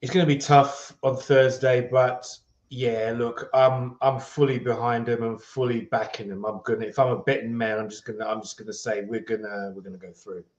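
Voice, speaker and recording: A man's voice: medium pitch, fairly even intonation, normal speed, a little mellow. A male football fan chatting as a guest who stops, restarts and fills gaps with ums while staying upbeat. His voice comes through an echoey room on dull, slightly muffled audio. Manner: hesitant, many fillers and restarts, upbeat. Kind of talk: casual football chat.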